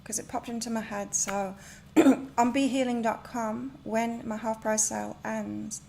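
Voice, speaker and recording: A woman's voice: on the high side, level tone, measured pace, creaky, darkish tone, a little hiss or hum. A woman reading tarot and oracle cards on a live stream from her home, chatting and rambling as she gives spiritual advice. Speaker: tarot and oracle card reader.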